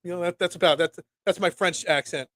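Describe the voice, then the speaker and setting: A young man hosting a casual solo sports talk show, rambling and animated with lots of restarts. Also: high-pitched, fairly quick, no echo.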